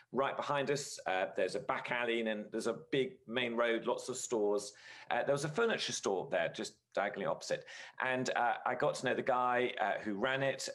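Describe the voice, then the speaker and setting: A man's voice: mid-range voice, fairly bright tone. A man giving a conversational sermon as a guest speaker, earnest and storytelling, with frequent filler words.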